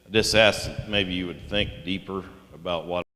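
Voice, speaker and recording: An older man giving a halting, heartfelt communion talk in a church, pausing often with fillers. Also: deep voice, steady tone, pushed and bright. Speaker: lay speaker at communion. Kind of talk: sermon. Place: church sanctuary. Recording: echoey church hall.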